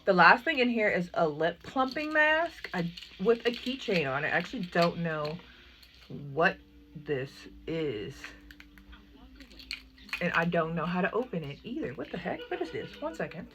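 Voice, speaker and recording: Chatty young woman vlogger, low voice. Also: measured pace, noisy background. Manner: chatty and excitable, full of "like" and asides. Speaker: makeup vlogger. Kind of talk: casual unboxing chat.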